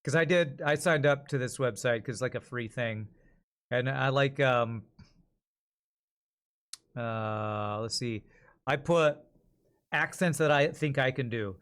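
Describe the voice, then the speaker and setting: A man's voice: medium pitch, slow pace, long pauses, fairly bright tone. Rambling chatty male streamer. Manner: rambling, self-correcting, chatty. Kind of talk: casual stream commentary.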